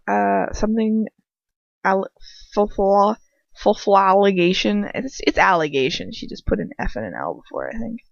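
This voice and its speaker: A woman's voice: medium pitch, vocal fry, dry recording. Woman reading a story, rambling self-mocking asides, dry dull little recording. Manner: chatty, self-mocking, stumbles on words. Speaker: fan fiction reader. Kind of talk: casual reading aloud with asides.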